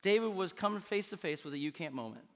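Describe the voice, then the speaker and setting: A man preaching a sermon as pastor, energetic and conversational, with playful asides to his congregation. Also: sits high, fast talker, in a large hall. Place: church auditorium.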